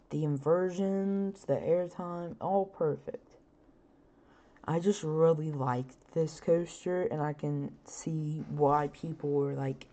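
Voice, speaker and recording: A woman's voice: low voice, warm tone. A woman hosting her own podcast, chatting casually with lots of fillers, her voice a bit scratchy. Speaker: podcast host. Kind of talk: casual solo podcast chat.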